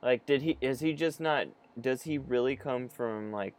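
A man's voice: mid-range voice, normal speed, a little hiss or hum. A young man in casual comedic chat, joking and swearing, rambling with many fillers.

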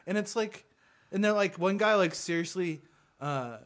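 Young male podcast co-host with a slightly higher voice; relaxed and agreeable. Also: normal speed. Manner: laid-back, agreeable, swears casually. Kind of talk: casual chat.

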